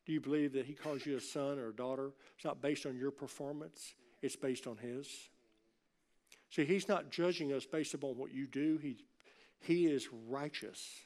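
A man preaching a sermon in a church, in a conversational way that swings from loud emphatic peaks to soft low asides and jokes with the congregation. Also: normal speed. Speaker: pastor.

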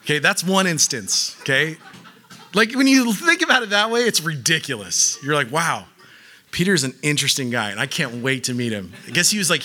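A man's voice: on the high side, bright, forceful tone. A man preaching a casual sermon, talking conversationally with lots of "like" fillers and acting out quotes as he goes.

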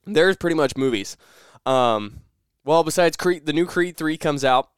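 A man's voice: a little high, a little slow, clear, resonant tone, dry recording, clean studio sound. A young man hosting a casual solo podcast, rambling and correcting himself as he tells stories. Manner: rambling, self-correcting storyteller. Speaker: podcast host.

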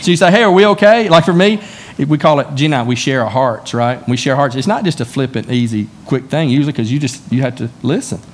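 A man preaching to his church congregation in a relaxed, conversational way, telling everyday stories and acting out the lines of the people in them. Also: mid-range voice, brisk, husky. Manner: conversational, folksy storytelling with acted-out dialogue. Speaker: pastor. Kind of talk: sermon. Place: church sanctuary.

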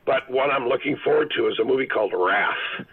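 A middle-aged male actor telling rambling, animated stories as a guest on a phone-in interview. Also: mid-range voice, a little fast, creaky, crowd noise. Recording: phone line.

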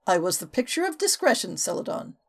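A woman voicing a composed, quick-witted female spy with dry replies in an audiobook. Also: mid-range voice, very animated, slightly rough. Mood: guarded. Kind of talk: audiobook character voice.

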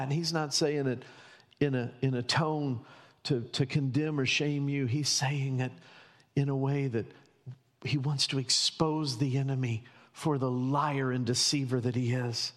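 A man's voice: medium pitch, steady tone, moderate pace, big-room sound. A man preaching a sermon as pastor, building emphatic runs of repeated rhetorical questions. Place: church sanctuary.

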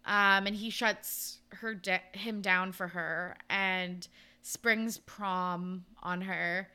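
Crisp, bright-voiced woman podcaster. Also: mid-range voice, steady tone, extremely slow. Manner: blunt, swears casually. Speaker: podcast co-host. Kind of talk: casual chat.

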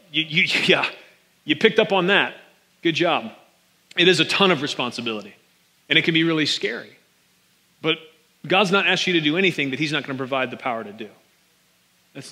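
A male pastor with a fairly high, bright, forceful voice gives a casual, joking sermon, addressing his congregation directly through a stage microphone. The large church hall lends the recording a long reverb.

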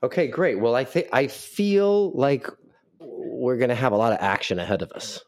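A man's voice: medium pitch, lively intonation, fast talker, no room sound, clean studio sound. A man playing as a guest in a game, chatting casually in a playful, eager, joking way. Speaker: guest player.

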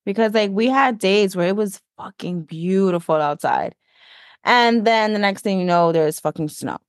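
A woman's voice: mid-range voice, lively intonation, normal speed, no room sound. Woman podcast co-host, blunt, teasing, casual swearing, dry close mic. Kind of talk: casual chat. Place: basement at home.

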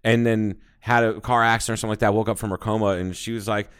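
A man's voice: on the low side, fast, clean tone. A man from the United States co-hosting a casual comedy podcast, telling stories with lots of swearing and laughter. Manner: animated storyteller, swears freely, laughs often. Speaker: podcast co-host.

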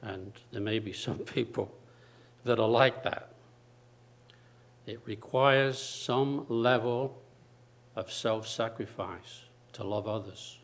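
A man preaching a sermon slowly and deliberately, repeating phrases and pausing for emphasis. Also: on the low side.

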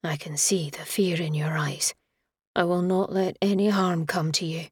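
A woman voicing a brooding, protective Highland warrior man, speaking low, hushed and stern. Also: fairly even intonation, normal speed, dry recording, studio quality, close to an everyday voice.

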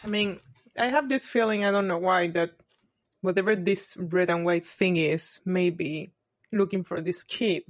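A woman's voice: on the low side, a little slow, dry recording. Woman reasoning aloud as a player. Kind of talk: casual tabletop play.

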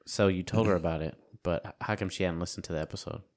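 A man's voice: low voice, fairly even intonation, fast talker. A man co-hosting a casual podcast, cutting in with blunt teasing remarks. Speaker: podcast co-host. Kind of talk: casual chat.

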